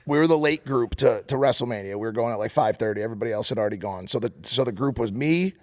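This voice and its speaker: A man co-hosting a podcast, telling a story in casual chat, animated and profane. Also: medium pitch, quick pace. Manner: animated, profane, acts out quotes loudly. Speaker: podcast co-host.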